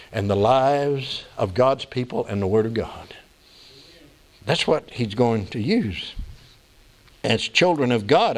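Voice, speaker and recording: Male pastor, slightly high voice, animated folksy sermon delivery with big pitch swings. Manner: animated preaching with pitch swings, folksy asides and scripture quotes.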